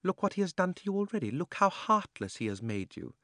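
A man's voice: high voice, big pitch swings, fairly quick, a bit bright, dry recording, studio quality, pitched above the performer's own voice, full character voice. A man reading an audiobook, voicing a cold, cunning sorceress who coaxes and scorns, her voice sometimes sinking to a whisper. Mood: scornful. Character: cold tempting sorceress queen, fierce and cunning.

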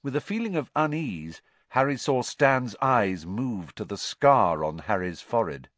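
A man narrating an audiobook in an expressive storytelling manner. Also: medium pitch, measured pace, no echo.

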